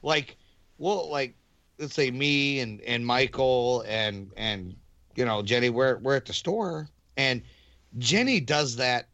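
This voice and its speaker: A man's voice: medium pitch, expressive, measured pace, a bit bright, highs cut off. A man co-hosting a casual podcast chat who rambles through his stories and restarts his sentences often. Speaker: podcast co-host.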